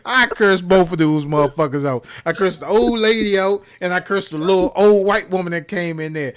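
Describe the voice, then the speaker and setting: A man from Maryland, co-hosting a gaming show, telling a profane story in casual chat and shouting out the lines he quotes. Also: high-pitched, lively intonation, brisk, hardly any pauses. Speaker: podcast co-host.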